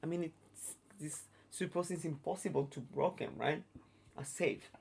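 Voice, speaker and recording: Man telling a story in halting English. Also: fairly high pitch, vocal fry, a little mellow, a little hiss or hum. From Mexico. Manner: halting, broken English with many restarts and fillers. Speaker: guest, circus artist. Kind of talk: casual storytelling interview.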